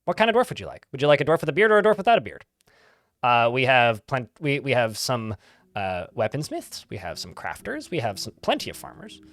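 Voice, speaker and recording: Chatty man streaming a game, lively. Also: medium pitch, brisk, no echo. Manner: chatty, rambling, laughs easily. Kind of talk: casual live-stream commentary.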